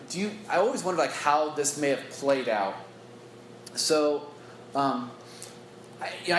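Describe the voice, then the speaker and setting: A man's voice: a little high, a bit bright. A reflective man leads a Bible teaching for church staff, earnest and conversational, with a slightly raised voice. He is caught on a phone in a roomy meeting space. A faint hiss runs underneath. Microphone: phone recording. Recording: echoey room on a phone.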